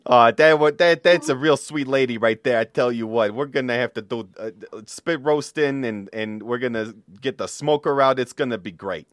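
A man's voice: mid-range voice, normal speed, few pauses, no room sound, clean studio sound. A man from New Jersey hosting a comedy podcast, rambling laid-back through improvised bits with lots of fillers.

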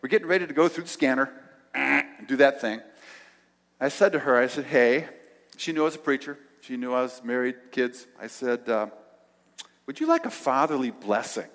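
An older male pastor telling a story in a sermon, acting out the dialogue and dropping to soft tones. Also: mid-range voice, normal speed. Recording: long hall reverb.

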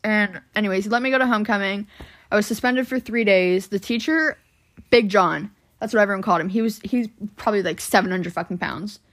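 On a podcast, a young woman with a mid-range, slightly bright voice tells a story a little fast. Her casual, rambling telling is full of "like" and curse words.

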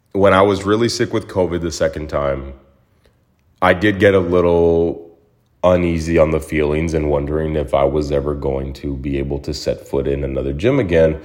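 A young man hosting a solo podcast, talking through his own story in a reflective, heartfelt way, often repeating himself as he gathers his thoughts. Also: extremely low pitch. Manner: reflective, emotional, repeats words. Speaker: podcast host. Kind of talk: casual solo monologue.

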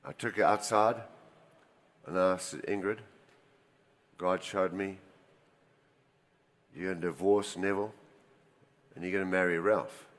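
An older man preaching a sermon, telling personal stories and swinging between loud emphasis and quiet asides. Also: deep voice, fairly even intonation, unhurried, pauses often. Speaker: pastor. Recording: reverberant hall.

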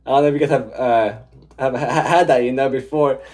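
A man's voice: medium pitch, fairly even intonation, brisk, a little mellow. A man co-hosting a faith podcast, giving closing thoughts in a rambling way, packed with "you know" fillers. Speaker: podcast co-host. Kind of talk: casual faith chat.

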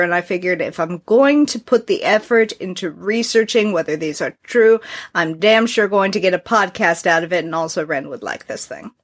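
A woman in her thirties hosting a podcast, chatting casually with wry, deadpan humor. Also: medium pitch. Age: 30s. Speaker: podcast host. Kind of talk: casual chat.

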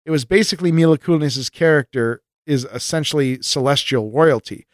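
A podcast co-host with a medium-pitched voice reads listener mail aloud amid casual banter. He's jokey and lively and laughs often, and the studio sound is clean with no echo.

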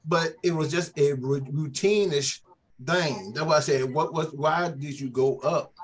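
A man's voice: fairly high pitch, unhurried. A man who is a church elder, explaining scripture step by step in a Bible study discussion.

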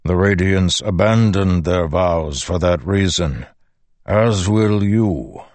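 A man voicing an ancient, solemn male storm spirit in a slow, grave, weighty delivery. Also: low-pitched, animated, a little mellow, no room sound, full character voice.

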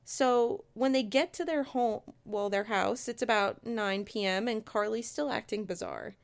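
A woman's voice: fairly high pitch, a little slow, creaky. A woman casually telling a true-crime story, chatty and conversational, with asides to her listeners. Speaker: storyteller host.

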